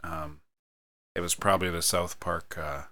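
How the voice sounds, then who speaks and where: A man's voice: sits low, steady tone, measured pace, bright, forceful tone. A man chatting casually on a podcast, telling rambling stories full of fillers and humming snatches of jingles. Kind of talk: casual chat.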